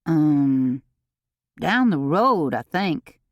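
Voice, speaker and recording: A woman's voice: low voice, big pitch swings, extremely slow, dry recording, muffled recording, exaggerated voice. A woman voicing a sleepy, bewildered middle-aged man woken at night, in an audiobook. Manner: drowsy, befuddled.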